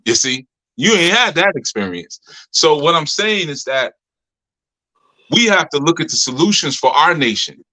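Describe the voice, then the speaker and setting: A man with a bright, fairly high voice gives a loose, colloquial talk. He tells stories at length and laughs often as he goes. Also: very animated, normal speed, poor audio. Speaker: community leader speaking to members. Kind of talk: casual storytelling talk.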